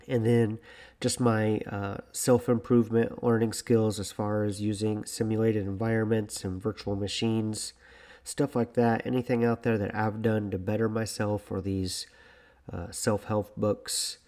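Young male podcast host, low gravelly voice, monotone, rambling and casual. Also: unhurried. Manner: rambling, self-deprecating, calls his own voice monotone. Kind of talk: casual solo podcast monologue.

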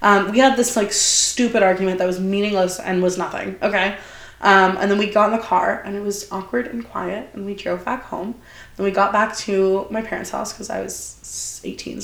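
A young woman telling a long personal story in casual chat, animated and full of fillers and quoted asides. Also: medium pitch, brisk, gravelly. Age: young adult. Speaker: podcast guest. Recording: roomy echo.

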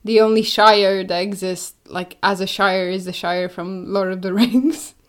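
A young woman co-hosting a podcast, chatting casually and sarcastically, with animated delivery and mocking impressions. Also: medium pitch, unhurried. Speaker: podcast co-host. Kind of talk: casual chat.

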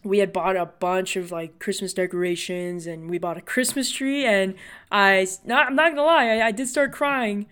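A man's voice: sits high, moderate pace, pushed and bright, clear, resonant tone. A young man hosting his own podcast, talking in a loose, rambling monologue full of "like" and "you know.". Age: young adult. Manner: chatty, heavy on "like" and "you know" fillers. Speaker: podcast host. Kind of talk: casual solo podcast monologue.

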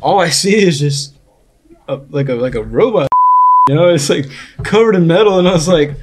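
A man's voice: fairly high pitch, animated, normal speed, background noise. A young man in casual podcast chat, telling a long story full of fillers and restarts. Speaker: podcast host.

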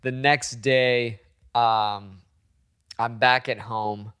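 A young adult man telling a story in casual chat as a podcast co-host, animated, laughing often and acting out quotes with lots of swearing. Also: mid-range voice, drawn-out words, clear, resonant tone.

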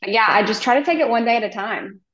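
A woman's voice: a little high, fast talker, a bit bright, roomy sound, muffled recording. A woman from Oklahoma, a hairstylist guesting on a podcast, talking in a friendly, rambling way with many ums. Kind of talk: casual podcast interview.

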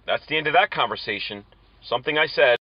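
A man's voice: medium pitch, lively intonation, fast, music in the background. A man prank-calling scammers, taunting and insulting them in a mocking tone. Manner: mocking, insulting, laughs at his targets. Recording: muffled lo-fi audio.

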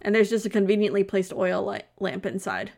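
A woman's voice: medium pitch, steady tone, fairly quick, vocal fry, a little mellow. A woman co-hosting a podcast, retelling a movie plot in casual chat with sarcasm and frequent laughter. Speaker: podcast co-host.

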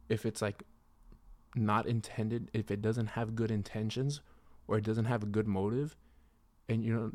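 A young man telling a personal faith story in a casual, rambling way, with many fillers and a soft, reflective delivery. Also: on the low side, no room sound. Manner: rambling, full of "you know" and "like". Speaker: vlogger sharing a faith testimony.

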